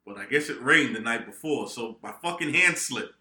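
A young man co-hosting a podcast, telling a profane, animated story among friends. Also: mid-range voice, moderate pace. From New England, United States. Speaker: podcast co-host. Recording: echoey room.

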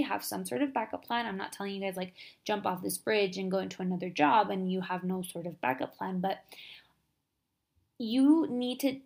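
A young woman talks through a casual motivational podcast episode, chatty and upbeat. Her mid-pitched voice carries a noticeable vocal fry. She keeps it conversational, with quick asides and plenty of filler words. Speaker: podcast host.

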